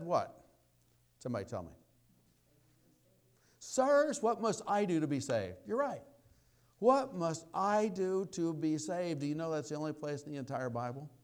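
A man preaching a sermon, telling a story in a folksy way, dropping to quiet asides and rising to loud exclamations. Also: mid-range voice.

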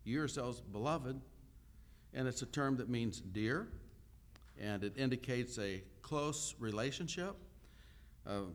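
A man preaching a sermon and teaching from a Bible passage, talking conversationally, asking questions and pausing often with "uh.". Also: mid-range voice, lively intonation. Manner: unhurried teaching with frequent "uh" pauses; conversational, asks the listeners questions. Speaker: pastor.

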